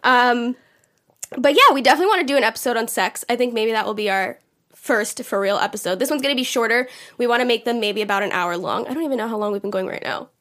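A young woman co-hosts a relaxed, chatty podcast in a slightly high voice. She giggles often and rambles along with plenty of fillers. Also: fast talker. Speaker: podcast co-host. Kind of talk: casual podcast chat.

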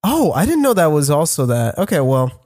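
High-voiced man, excitable and profane. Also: fairly quick. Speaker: podcast co-host. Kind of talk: casual chat.

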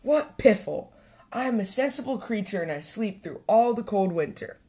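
A woman's voice: medium pitch, lively intonation, a little fast, warm tone, lightly acted. A woman voicing a grumpy male badger in a storybook, huffing and spluttering with annoyance.

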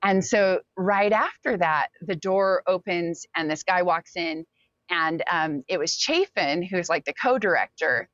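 A woman in her forties telling a personal story as an interview guest, animated and talkative, acting out what people said. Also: fairly low pitch, a little slow, dry recording, highs cut off. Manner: animated, talkative, acts out quotes.

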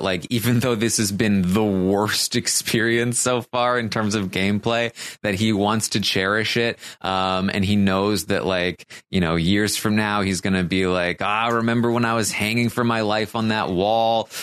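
Low-voiced man recapping a show. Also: fairly bright tone, clean tone, no echo. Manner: halting, many fillers and restarts. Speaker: podcast co-host recapping a reality show. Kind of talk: casual recap chat.

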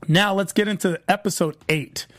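A man hosting a solo aftershow, retelling scenes in a chatty, animated way and voicing the characters' lines. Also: high-pitched, normal speed, slight background noise. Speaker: podcast host recapping a TV show.

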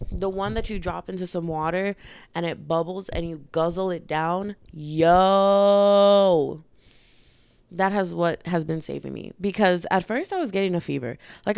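A woman's voice: on the low side, darkish tone, smooth, dry recording. A woman hosting her own podcast, chatting in a playful, rambling way while congested from a cold. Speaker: podcast host. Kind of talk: casual solo podcast chat.

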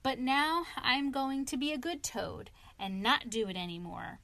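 A woman voicing a boastful, excitable male toad in a storybook reading, with dramatic exclamations. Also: high voice, measured pace, dry recording, exaggerated voice. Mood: humble.

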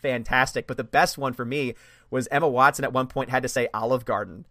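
A man's voice: medium pitch, steady tone, fairly quick, bright, forceful tone, no echo, studio quality. A man hosting a livestream chat, enthusiastic and laughing often, repeating words as he talks. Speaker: host of a livestream. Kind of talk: casual chat.

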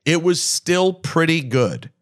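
A man's voice: fairly high pitch, animated, slow. Man, podcast co-host, casual chat, thinks aloud, frequent restarts.

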